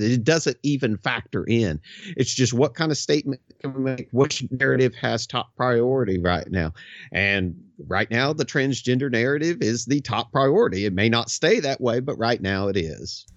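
A man giving measured, dismissive opinions as a co-host in a commentary chat. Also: medium pitch, no echo, muffled recording.

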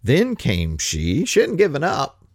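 A man preaching a casual sermon, wry and animated, slipping from scripture into slangy paraphrase. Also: mid-range voice, unhurried, no room sound, studio quality.

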